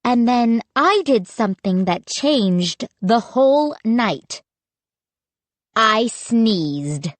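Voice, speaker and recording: A woman reading a spooky children's audiobook in measured, suspenseful scripted narration. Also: on the high side, expressive, dry recording.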